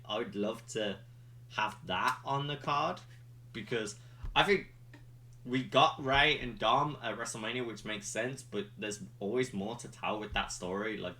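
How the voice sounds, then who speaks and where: A man with a fairly low voice and a bright, forceful edge talks through a recap in a casual podcast style. He rambles from one point to the next with ums and likes, like a friend retelling what happened. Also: a little hiss or hum. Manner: rambling play-by-play retelling with fillers. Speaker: podcast host reviewing wrestling.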